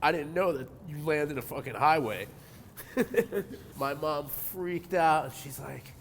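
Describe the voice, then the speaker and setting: A man's voice: a little high, measured pace, slight background noise. Laid-back swearing New skater man. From New Jersey. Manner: laid-back, swears a lot, animated when telling stories. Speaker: interviewee, pro skateboarder. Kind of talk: casual interview.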